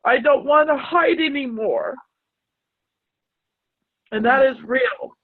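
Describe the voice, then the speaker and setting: A woman sharing personal struggles on a video call, earnest and halting, close to tears. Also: high-pitched. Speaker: group participant. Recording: tinny phone-like video call audio.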